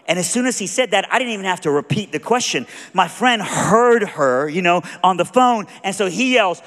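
Animated high-voiced Southern preacher. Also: male voice, moderate pace, few pauses. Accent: Southern American. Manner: animated, folksy storyteller acting out other voices. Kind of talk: sermon storytelling. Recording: long reverb of a large hall.

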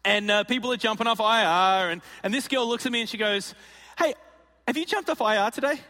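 A man's voice: high voice, brisk, bright, forceful tone, big-room sound. A man preaching, telling a comic story and acting out the voices of the people in it. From Australia. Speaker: pastor. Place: large auditorium.

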